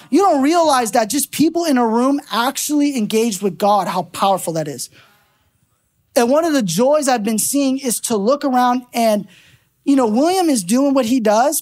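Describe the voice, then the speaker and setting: Lively conversational woman preacher. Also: high-pitched. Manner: animated storytelling, laughing, conversational. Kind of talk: sermon. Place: church sanctuary.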